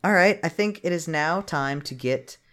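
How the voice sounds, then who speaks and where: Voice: medium pitch, normal speed, a bit bright. Laughing podcast co-host, casual chat. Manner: laughs often, trails off and restarts.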